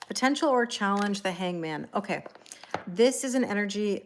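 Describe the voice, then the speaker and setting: A woman's voice: medium pitch, lively intonation, normal speed, slight background noise. A woman doing a live-stream tarot reading, talking casually and rambling, greeting viewers by name with lots of fillers and self-corrections. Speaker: tarot reader.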